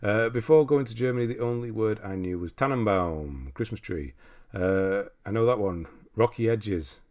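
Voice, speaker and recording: A deep-voiced English man hosting a gaming livestream. He chats casually, reads out viewer comments, laughs easily and often restarts his sentences. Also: animated, moderate pace, a little mellow. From England. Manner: chatty, easygoing, laughs often, frequent restarts. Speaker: livestream host.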